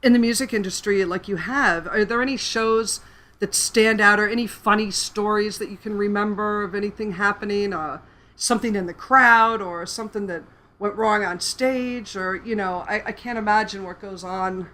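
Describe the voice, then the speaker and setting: Bright-voiced woman hosting a chatty interview. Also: medium pitch, fairly even intonation, normal speed. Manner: chatty, laughs often, filler-heavy. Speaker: radio show host. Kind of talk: casual interview chat.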